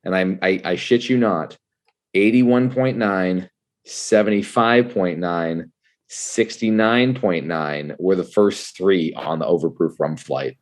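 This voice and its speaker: A man talking as a podcast guest in casual, animated chat, laughing often and calling the host "dude". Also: deep voice, slow pace. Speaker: guest, whiskey writer and tasting host.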